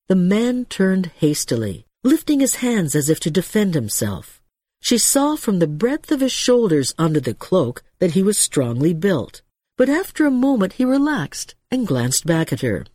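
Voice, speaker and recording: A woman narrating a novel as a scripted audiobook reading, with expressive storytelling. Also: low-pitched, moderate pace, no room sound, clean studio sound.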